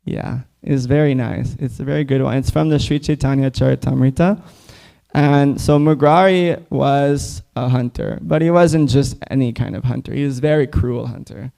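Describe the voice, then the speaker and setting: A man gives a casual scripture class in a temple hall, filling his speech with "like". His voice is gravelly and dark, and his tone is mellow. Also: medium pitch, normal speed. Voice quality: casual, full of "like" fillers.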